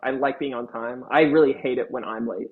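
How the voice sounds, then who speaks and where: A man's voice: medium pitch, steady tone, brisk, husky, phone-quality sound. A young man in a band answering interview questions earnestly, rambling a little. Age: young adult. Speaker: band member guest.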